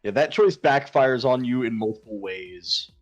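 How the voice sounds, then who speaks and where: A man's voice: mid-range voice, expressive, moderate pace, dull audio. A man co-hosting a let's play stream, chatting casually and retelling stories with quoted asides. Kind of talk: casual gaming chat. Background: faint game music.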